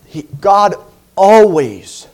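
A middle-aged man preaching a lively sermon, laughing and acting out voices as he tells stories. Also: high-pitched, drawn-out words.

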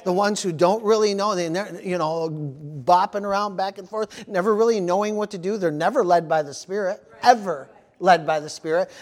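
High-voiced man preaching a sermon. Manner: animated storytelling with amens and praise interjections. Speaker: pastor.

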